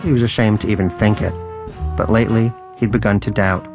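A man's voice: lowish voice, fairly even intonation, fairly quick, creaky. A man narrating an audiobook story in a dry, wry manner. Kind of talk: scripted narration. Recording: faint background music.

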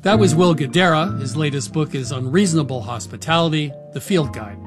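A man's voice: on the high side, brisk, over music. An older man hosting a radio talk and call-in show, chatty and laughing easily as he asks questions.

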